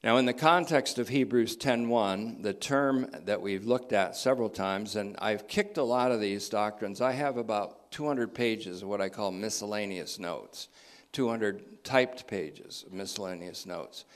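Man, lowish voice, Bible teacher, deliberate, emphatic, repeats key phrases, verse-by-verse teaching.

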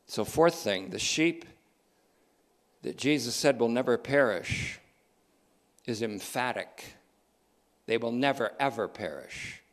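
A man's voice: mid-range voice, animated, slow pace, long pauses, a bit bright. Emphatic male preacher. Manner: emphatic, repeats key phrases, varies pace. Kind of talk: sermon.

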